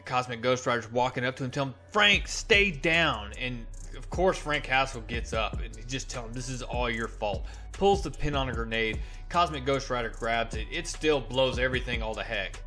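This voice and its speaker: A man reviewing comics in a casual vlog, retelling the story with animated delivery and frequent restarts. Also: mid-range voice, a little fast, soft background music.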